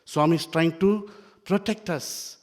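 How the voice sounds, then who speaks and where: Older man in his sixties, spiritual speaker, lively storytelling devotional talk, long hall echo. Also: a little high, unhurried. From India. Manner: animated storyteller, acts out dialogue.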